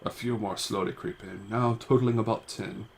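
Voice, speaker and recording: Low-voiced man reading game text. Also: steady tone, gravelly, a little hiss or hum. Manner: halting, stumbling reading, self-mocking asides. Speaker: amateur voice actor reading a game. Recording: faint music behind.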